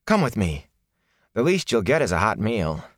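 A man's voice: on the low side, big pitch swings, normal speed, no room sound, clean studio sound, pitched above the performer's own voice. A man doing an earnest young villager. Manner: earnest, pleading, soothing.

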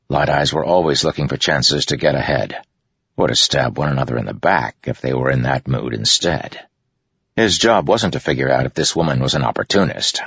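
A man reading an audiobook in a steady, grave scripted narration on a dull, lo-fi recording. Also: rumbling low, creaky, slightly rough, dry recording.

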